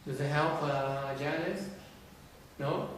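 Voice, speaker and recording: A teacher gives an informal talk to a group, teasing and conversational, often restarting sentences and tossing questions to listeners. His voice is a little high and steady, and he takes it slowly; the mic is distant in a very echoey room with slight background noise.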